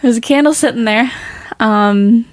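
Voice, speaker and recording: A woman co-hosting a casual podcast, a little hoarse, chatty and laughing often as she rambles through stories. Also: fairly high pitch, normal speed, slight background noise. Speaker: podcast co-host. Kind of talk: casual chat.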